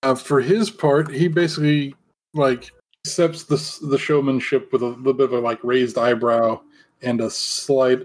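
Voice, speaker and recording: Man, game master, relaxed, filler-heavy, middle pitch. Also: moderate pace. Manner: relaxed, many fillers and restarts. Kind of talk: narrating a tabletop game.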